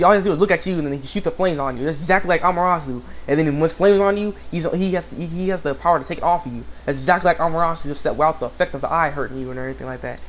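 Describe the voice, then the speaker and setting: A young man casually recapping an anime episode, rambling with many restarts and fillers. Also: a little high. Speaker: anime reviewer.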